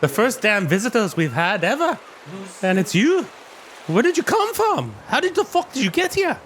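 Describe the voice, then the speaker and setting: A man's voice: very high voice, big pitch swings, moderate pace, fairly bright tone, slight background noise, voice pushed up, exaggerated voice. A man voicing a weathered old female dwarf who swears and rolls her R's. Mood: startled.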